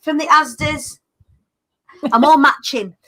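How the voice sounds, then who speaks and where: A woman in her thirties hosts a relaxed conversation with a noticeably high voice. She talks in a quick, chatty flow and acts out what other people said to her. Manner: chatty, animated storyteller acting out quotes. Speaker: podcast host. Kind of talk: casual chat.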